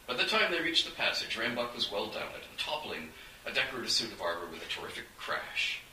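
A man narrating a fantasy adventure audiobook in an animated, dramatic storytelling manner. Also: lowish voice, a little fast. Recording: echoey room, distant mic, faint hiss.

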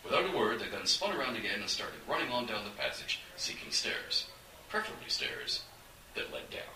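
A man narrating a fantasy adventure audiobook in an animated, dramatic storytelling manner. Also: medium pitch, brisk, creaky. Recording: echoey room, distant mic, faint hiss.

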